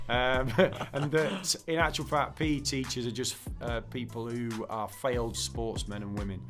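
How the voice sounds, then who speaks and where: A man's voice: medium pitch, normal speed, few pauses, over music. A middle-aged man, a PE teacher, chatting as a podcast guest and telling a long joke with voiced characters. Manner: chatty, tells jokes with lively voiced characters. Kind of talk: casual interview chat.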